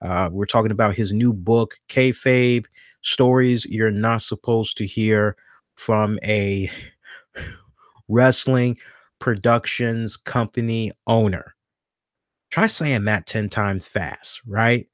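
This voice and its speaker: A man's voice: lowish voice, slow, no room sound. Guy hosting a wrestling podcast, rambly and stammery, dead dry mic, gets worked up. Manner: chatty, repeats and stammers, grows animated listing options. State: hiccuping after beer. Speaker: podcast host. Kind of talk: casual wrestling news talk.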